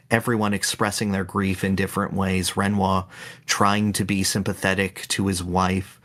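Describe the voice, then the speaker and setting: A man co-hosting a podcast, slowly and dramatically retelling a game's ending in casual chat. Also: sits low, a bit bright. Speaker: podcast co-host.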